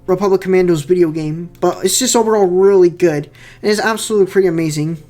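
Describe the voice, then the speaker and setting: A man's voice: high-pitched, quick pace, warm tone. A young man giving casual director's commentary on his fan film, rambling with many fillers and repeated words.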